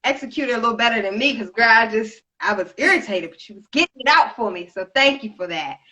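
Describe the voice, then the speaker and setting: A woman's voice: on the high side, expressive, fast talker, bright, forceful tone, rough recording. A woman co-hosting a casual chat, sassy and full of rhetorical questions, calling listeners honey. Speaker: co-host.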